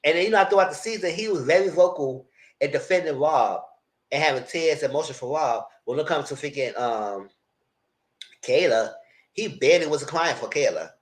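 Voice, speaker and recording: A man hosting a live discussion of a reality show, dramatic and sassy, swinging into high exclamations. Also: normal speed, reverberant. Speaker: host.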